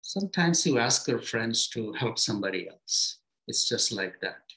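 A man giving a spiritual talk to his students as their teacher, speaking gently in short, unhurried phrases with pauses and simple everyday comparisons. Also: mid-range voice, very animated, low-quality recording.

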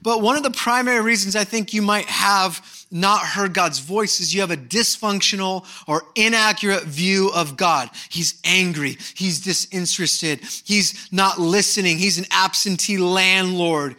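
A middle-aged male pastor preaching a sermon, candid and animated, breaking into mock voices and shouted bursts. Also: high voice, measured pace, few pauses.

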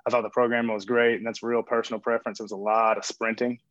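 A man's voice: lowish voice, flat delivery, fast talker, fairly bright tone, no echo. A man talking as a coach and guest on a remote call from a gym, rambling and joking with lots of fillers. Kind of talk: casual interview chat. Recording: dull dry remote call audio.

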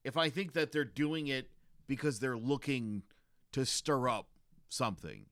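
A man's voice: medium pitch, measured pace, no room sound, studio quality. A man in his thirties chatting casually and telling stories, with lots of restarts and repeated words. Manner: animated storytelling with frequent restarts. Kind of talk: casual chat.

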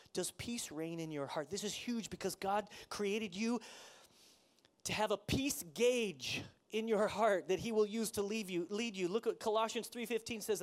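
A pastor preaching a sermon in a conversational way, asking the congregation questions and acting out the people in the story. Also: male voice, high voice, normal speed. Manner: conversational preaching, asks the audience questions, acts out quotes.

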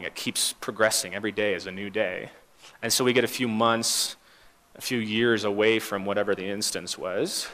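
A young man preaching an informal sermon, talking in a halting, conversational way with many fillers and restarts. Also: fairly low pitch, a bit bright. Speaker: pastor leading a church talk. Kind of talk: informal sermon with group discussion.

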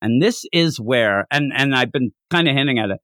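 A man co-hosting a casual podcast chat, animated, often slipping into high put-on voices to act out character lines. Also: normal speed, no echo, clean studio sound. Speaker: podcast co-host reviewing an anime.

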